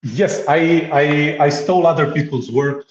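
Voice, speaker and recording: A man giving a casual software demo, joking and laughing often, with many restarts and fillers. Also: on the high side, moderate pace, slight background noise. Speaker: guest demonstrating software. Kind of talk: casual tech demo chat. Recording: roomy, slightly dull remote audio.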